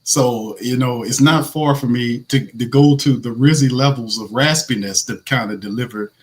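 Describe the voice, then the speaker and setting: A man with a naturally raspy voice hosting casual live fan commentary, animated, blunt and slangy, laughing often. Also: mid-range voice, moderate pace. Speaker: host.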